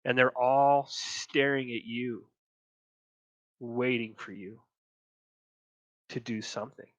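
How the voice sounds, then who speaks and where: A man narrating a tabletop game as game master, slow and descriptive. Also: medium pitch, fairly even intonation, no echo.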